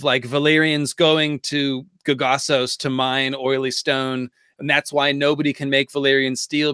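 A man's voice: medium pitch, a bit bright, clean tone, dry recording, studio quality. A man co-hosting a casual livestream chat, talking with enthusiasm and building theories. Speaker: co-host of a fan discussion livestream.

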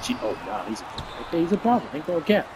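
A man casually commenting on his basketball video game, excitable and swearing, cheering his teammates on and laughing often. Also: on the high side, fast talker, noisy background. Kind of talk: casual live gameplay commentary.

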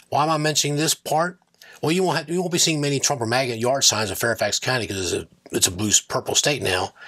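Guy ranting politics on his channel, husky voice, keeps going off on tangents. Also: mid-range voice, a bit bright. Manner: combative, digressive, self-correcting. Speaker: political commentary channel host.

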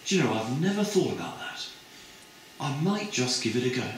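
A man voicing a surprised young woman postgraduate who is easily swayed, speaking breathlessly in a high register. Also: big pitch swings, normal speed, slight background noise, natural voice. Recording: echoey hall from a distant mic.

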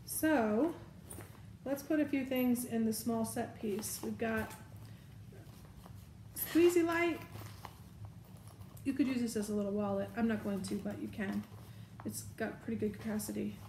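A woman's voice: on the high side, fairly even intonation, normal speed, dark tone, a little hiss or hum. Chatty woman thinking aloud, roomy. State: has the hiccups. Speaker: vlogger. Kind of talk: casual show-and-tell.

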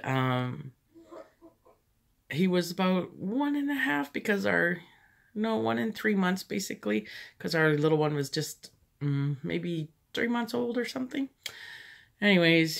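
A woman with a lowish, creaky, fairly bright voice chats casually through a thrift haul vlog, drifting into stories and laughing often.

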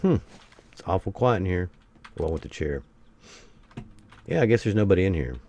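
A man giving excitable commentary while playing a survival game, taunting enemies and breaking into sudden loud outbursts. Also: low-pitched, moderate pace, slight background noise. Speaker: gameplay streamer. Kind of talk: let's play commentary.

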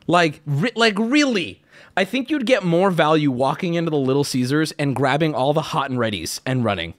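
Excitable high-voiced male streamer. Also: moderate pace. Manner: loud, excitable, swings into shouting. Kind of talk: casual live-stream chat.

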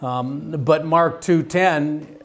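Halting man lecturing a class. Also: a little high, soft background music. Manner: halting, many restarts and fillers, asks class questions. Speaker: theology teacher.

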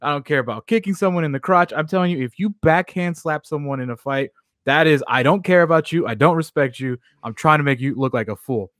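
A man's voice: fairly high pitch, a little fast, fairly bright tone, no echo, clean studio sound. A man co-hosting a sports talk radio show, telling a funny story through laughter. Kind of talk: casual show banter.

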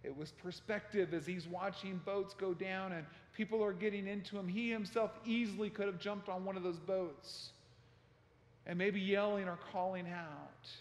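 A man preaching a sermon as pastor, telling a story with passion and acting out shouted quotes. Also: high voice, steady tone, moderate pace. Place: church sanctuary. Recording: echoey church hall.

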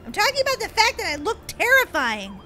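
A woman's voice: extremely high pitch, huge pitch swings, fairly quick, very noisy. A woman playing a game as the villain, chatting playfully, giggling and teasing in a mock-evil way. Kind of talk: playful let's-play chatter. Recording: game music underneath.

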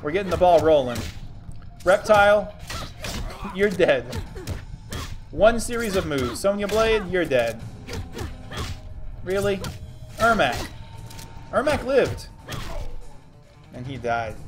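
Upbeat young Texan streamer, lively voice. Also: male voice, a little high, slow, pauses often, soft background music. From Texas. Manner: upbeat, joking, reads chat messages aloud. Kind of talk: casual gaming stream commentary.

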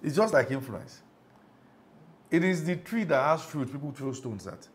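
A man's voice: a little high, very animated, moderate pace, slight background noise. A middle-aged Nigerian man preaching a sermon as pastor, emphatic, often asking the congregation if they follow.

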